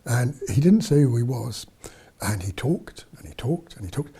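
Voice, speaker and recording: Husky dark-voiced priest telling stories. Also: male voice, mid-range voice, lively intonation, normal speed. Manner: rambling, with many fillers and restarts. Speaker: priest and missionary. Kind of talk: storytelling in an interview.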